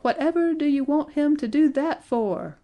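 A woman voicing a bold young boy in a storybook, loud and blustering. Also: medium pitch, lively intonation, normal speed. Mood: defiant. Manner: loud and shouting.

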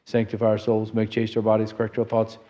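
A man's low, dark voice intones prayers in a monastery church, holding a flat monotone throughout. The sound is a bit dull and lo-fi. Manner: slow steady monotone intoning. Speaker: monastic chanter. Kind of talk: chanted liturgical responses and prayers.

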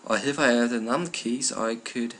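A man's voice: medium pitch, normal speed, fairly bright tone, a little hiss or hum. A man with a German accent playing a strategy game at night, cursing and muttering at the computer as he plays. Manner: swears often, talks to the game in frustrated outbursts. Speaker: gamer. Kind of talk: live gameplay commentary.

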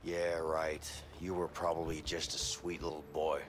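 A deep, sarcastic convict. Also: male voice, monotone, measured pace, slight background noise. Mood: teasing. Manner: sarcastic, needling. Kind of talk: video game dialogue.

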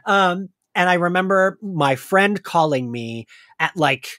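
A man's voice: sits high, lively intonation, unhurried, bright, forceful tone, no room sound, clean studio sound. A podcast host in casual chat, a little congested, telling stories and acting out what his friends said. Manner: chatty storyteller, acts out quoted friends. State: congested from crying.

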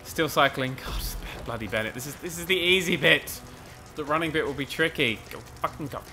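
A man commentating a video game race, excitable and sweary, rambling and mocking himself, a little out of breath. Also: a little high, a little fast, faint music behind. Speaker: gaming commentator. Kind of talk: let's play commentary.

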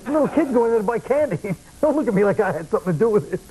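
A man's voice: very high-pitched, rapid-fire, crowd noise, rough recording. Wry, riffing male comedian. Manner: wry deadpan riffing, mock-serious asides. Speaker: comedian guest. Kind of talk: talk show banter. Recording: old broadcast tape with faint hiss.

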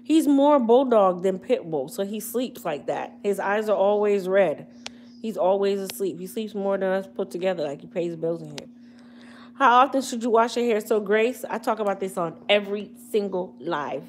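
A woman's voice: mid-range voice, moderate pace, a little hiss or hum. A woman hosting a casual hair care livestream, joking and using slang as she talks straight to her viewers. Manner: chatty, comedic, slangy, addressing viewers directly.

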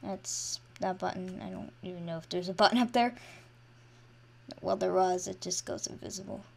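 Excitable woman narrating her gameplay. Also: on the low side, normal speed, creaky. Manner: excitable, swings from mumbling to loud shrieks. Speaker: gaming channel host. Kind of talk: casual gameplay commentary.

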